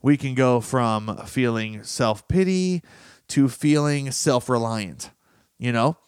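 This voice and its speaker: A male relationship coach talks straight into a close microphone, his voice at a middling pitch. The sound is dry and close, with no room around it. He tells stories loosely and casually, slipping into quick impressions of the people in them. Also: expressive, a little mellow, smooth, no room sound. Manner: conversational storytelling, acts out quoted voices. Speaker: relationship coach and podcast host. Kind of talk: solo podcast monologue.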